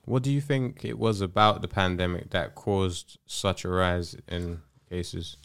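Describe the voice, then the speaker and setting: A man hosting a podcast, relaxed and casual, asking questions and listening. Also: low-pitched, measured pace, clear, resonant tone, no echo, studio quality. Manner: laid-back, listens with frequent "mm". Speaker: podcast host. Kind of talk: casual interview chat.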